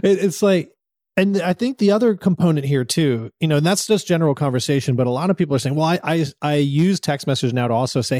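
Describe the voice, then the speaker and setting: A man's voice: fairly high pitch, fast talker, darkish tone, no room sound, studio quality. A man co-hosting a podcast in casual chat, giving firm opinions and laughing between points. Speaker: podcast co-host.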